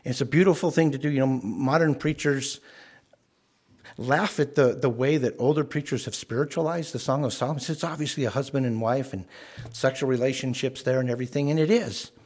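Pastor, male, husky mid-range voice, earnest sermon delivery with stammered repeats. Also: medium pitch, fairly quick, a little mellow. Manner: earnest, repeats words when stressing a point.

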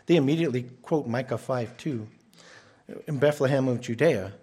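A man's voice: mid-range voice, normal speed, warm tone, slightly rough. A man preaching an expository sermon as pastor, earnest, restarting and repeating words and rising for emphasis.

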